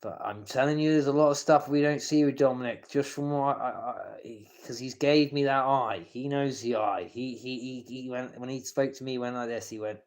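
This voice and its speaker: A man rambles through a live-stream rant at an average pitch for a man. He trips over his words, repeats himself and starts sentences again, and he turns coarse and confrontational, swearing at people by name. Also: fairly even intonation, brisk, hardly any pauses, darkish tone.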